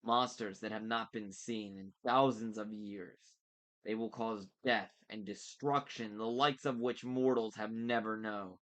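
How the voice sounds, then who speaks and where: A man reading aloud and voicing a menacing, gloating monster posing as a vice principal, speaking slowly and deliberately. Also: fairly low pitch, steady tone, a bit bright. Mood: gloating menace. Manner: slow, deliberate, mocking.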